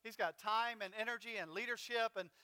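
A man preaching a sermon in an animated, conversational way, acting out scripture with quick asides. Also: high-pitched. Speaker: pastor. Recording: reverberant hall.

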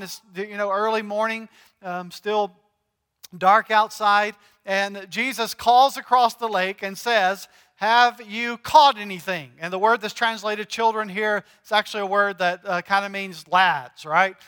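A man's voice: sits high, pushed and bright, clean tone. A male pastor preaching a sermon in a conversational, joking way, asking his congregation questions. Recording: long hall reverb.

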